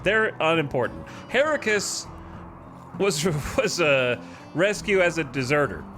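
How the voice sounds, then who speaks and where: A scolding, theatrical gang boss with a put-on Birmingham accent, voiced high above the performer's usual pitch, as a man puts him on. He delivers a loud, grandiose eulogy with swooping intonation. Faint music runs underneath. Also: very animated, a little slow. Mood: impassioned eulogy.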